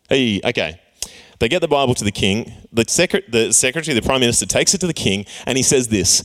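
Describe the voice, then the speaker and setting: A man's voice: mid-range voice, very animated, a little fast. A young man preaching a casual youth sermon, playfully acting out characters and joking with his listeners. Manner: playful, acts out characters with jokey voices. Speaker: youth pastor.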